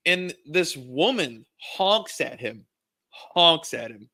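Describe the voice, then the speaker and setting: A podcast co-host with a somewhat high voice speaks slowly, telling a story in casual conversation. He's excitable and laughs his way through it.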